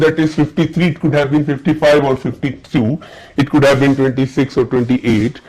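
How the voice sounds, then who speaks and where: On a low-quality recording, an Indian-accented man gives an unhurried classroom lecture in a mid-range, slightly mellow voice. Again and again he asks if the students are following.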